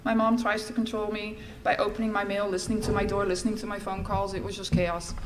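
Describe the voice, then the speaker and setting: A middle-aged woman speaks at a recovery meeting, telling her own story in a candid, wry way. Her voice sits at an everyday middle pitch. A faint hiss of noise runs under the recording. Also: level tone, fast. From Netherlands. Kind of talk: personal recovery testimony.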